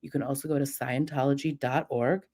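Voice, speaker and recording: A woman's voice: very deep voice, fairly even intonation, fairly quick, dark tone. Defiant, foul-mouthed woman ranting on a livestream. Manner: profane, defiant, mocking imitations. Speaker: livestream host. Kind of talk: heated livestream rant.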